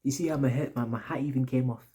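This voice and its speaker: A man's voice: mid-range voice, steady tone, quick pace, mellow. A young man telling a story to his audience in a casual, rambling, slang-heavy way, repeating himself often. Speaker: vlogger.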